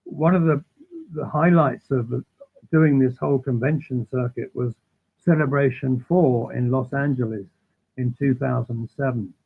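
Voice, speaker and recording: A man guesting on an interview, telling animated, rambling anecdotes that keep interrupting themselves. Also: medium pitch, normal speed, vocal fry, breathy edge. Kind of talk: casual storytelling. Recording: tinny phone-like line.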